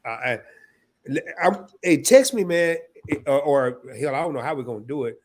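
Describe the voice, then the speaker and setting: A man's voice: a little high, lively intonation, normal speed. A man in his fifties hosting a live stream, casual and emotional, sniffling and stammering through restarts as he talks. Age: 50s.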